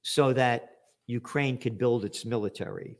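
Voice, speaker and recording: A man delivering a political commentary rant, sarcastic and profane, rising to angry shouts. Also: medium pitch, a little slow.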